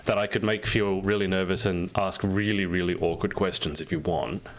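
A man's voice: sits low, fairly even intonation, normal speed, lo-fi sound. A man hosting a live online interview over a video call, chatty and teasing. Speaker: host.

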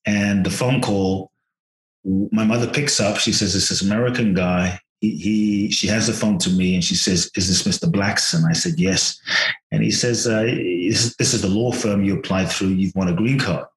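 A man telling a personal story in conversation, animated and acting out his own thoughts. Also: fairly low pitch, moderate pace, reverberant, low-quality recording. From from outside the US. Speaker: podcast guest, personal development teacher.

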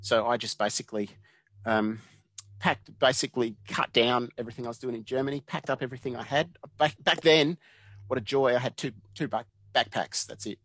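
Speaking a little fast in a mid-range voice, this Australian man in his fifties shares stories from his working life as an interview guest. The casual, animated conversation is full of laughter and acted-out quotes from other people, and the recording has no echo.

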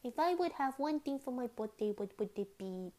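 A small chibi baby girl with a lisping speech impediment and a high, childish voice, as a teenage girl puts her on. She whines and babbles in a simple, cutesy way. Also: expressive, normal speed, a little mellow, lightly acted. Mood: whiny. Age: teens.

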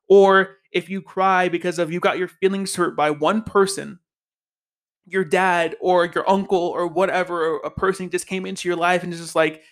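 High-voiced passionate male podcast host. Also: steady tone, normal speed, a bit bright. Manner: passionate, emphatic and repetitive. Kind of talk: casual spiritual podcast monologue.

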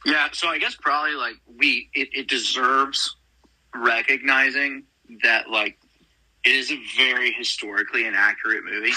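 Laid-back young Texan man, bright voice. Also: medium pitch, steady tone, normal speed, husky, dry recording, low-quality recording. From Texas. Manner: laid-back, jokey storytelling. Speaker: podcast co-host. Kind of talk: casual chat.

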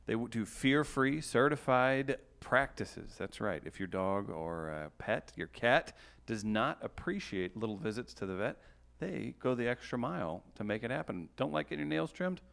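A man's voice: medium pitch, expressive, normal speed, gravelly, fairly bright tone. A male podcast host who teases a guest dryly and reads a sponsor plug casually. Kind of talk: casual chat.

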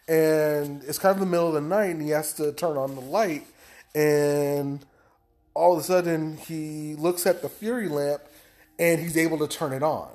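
A man's voice: a little high, normal speed, a little mellow. A man casually retelling a book's plot, rambling with many fillers and restarts. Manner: rambling, hesitant, lots of fillers. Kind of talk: casual book recap.

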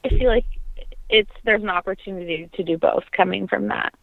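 A woman's voice: medium pitch, brisk, creaky, no echo. Earnest woman on a tinny line. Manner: earnest, reflective, frequent ums. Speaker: podcast guest, opera singer. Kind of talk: conversational interview.

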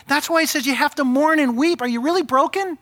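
A man's voice: extremely high pitch, quick pace, a bit bright. A man preaching a sermon as pastor, impassioned and urgent, rising to emphatic peaks.

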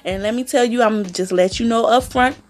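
A woman's voice: fairly high pitch, brisk, soft background music. A woman hosting her own podcast, sassy and chatty about celebrity gossip, calling listeners honey and girl. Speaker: podcast host. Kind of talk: casual celebrity gossip chat.

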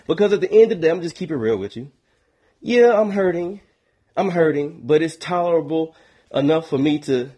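A sick man telling a casual vlog story in a slightly husky, mellow voice. His pitch sits a touch high for a man, and he talks in a relaxed, offhand way. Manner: laid-back, acts out calls. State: sick with sinus infection. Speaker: vlogger, music producer.

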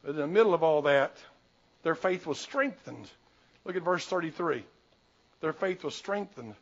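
An older man preaching a sermon as pastor, telling folksy stories and swinging from loud urging to soft, confiding asides. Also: a little high, lively intonation, moderate pace, dull audio.

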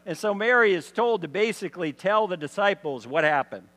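A male pastor delivers a sermon in a church hall, storytelling conversationally and asking plenty of rhetorical questions. He sounds high, expressive, brisk, and fairly bright, and the recording carries a long hall reverb.

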